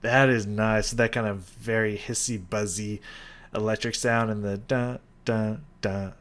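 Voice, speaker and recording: A man's voice: on the low side, flat delivery, measured pace, fairly bright tone. A man hosting a music reaction, talking loosely with lots of fillers and humming out rhythms as he explains them. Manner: rambling, filler-heavy, scats rhythms aloud. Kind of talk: casual music commentary.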